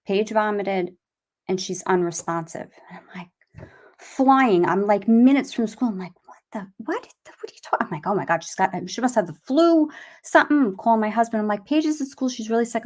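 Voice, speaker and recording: A middle-aged woman telling a painful personal story as an interview guest. She rambles and restarts often, her pitch in an ordinary middle range. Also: a little mellow. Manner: rambling, halting, with many restarts. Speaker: guest, bereaved mother. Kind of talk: emotional personal account.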